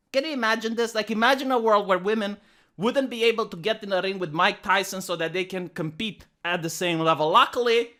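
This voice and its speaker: A man with a Romanian accent doing sarcastic news commentary, mock-outraged and swinging between loud outbursts and hushed asides. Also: high voice. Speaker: commentary host.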